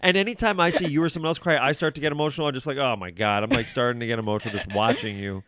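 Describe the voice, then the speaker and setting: A man in his forties, a comedian guest on a podcast, telling animated stories and acting out what people said. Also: mid-range voice, rapid-fire, smooth, dry recording, studio quality. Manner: animated storytelling, acts out quotes. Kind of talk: casual podcast conversation.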